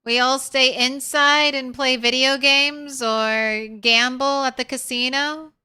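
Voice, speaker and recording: A young woman chatting on a game stream in an unhurried way. Her voice is bright and smooth, a little higher than most. She rambles casually and coos at her cat. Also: steady tone. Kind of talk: casual live-stream chat.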